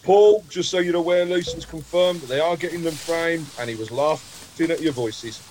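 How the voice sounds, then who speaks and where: A man's voice: on the high side, moderate pace, a little mellow, a little hiss or hum, poor audio. A man on a football fan podcast, chatting and passing on news to the others. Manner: chatty, relaying news to the panel. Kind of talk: casual chat.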